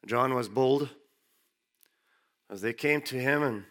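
A man giving a sermon who reads Bible verses aloud and then explains them in plain, everyday words, rising sharply in pitch to stress key points. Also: slow pace, a bit bright. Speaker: preacher. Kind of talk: sermon reading and explaining scripture.

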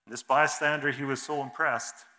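A man giving a sermon in an earnest, measured way, reading scripture and telling an illustration, his phrases trailing off softly. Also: medium pitch, steady tone. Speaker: preacher.

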